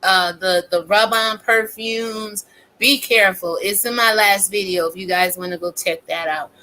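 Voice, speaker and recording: Woman on her channel going off at viewers, cusses a lot and preaches, sharp bright voice. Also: mid-range voice, steady tone, normal speed, poor audio. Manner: blunt and profane, preachy. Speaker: content creator. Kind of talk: casual rant to viewers.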